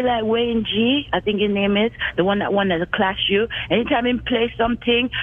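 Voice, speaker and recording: Exuberant high-voiced man on the phone. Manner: exuberant, preachy, theatrical. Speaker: caller. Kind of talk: radio call-in chat. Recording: tinny phone line.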